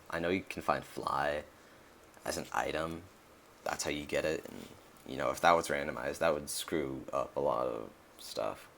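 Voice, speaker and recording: A man's voice: a bass voice, vocal fry, fairly bright tone, slight background noise. A young man giving casual, rambling commentary over a video game he is playing, full of fillers and restarts. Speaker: let's play commentator.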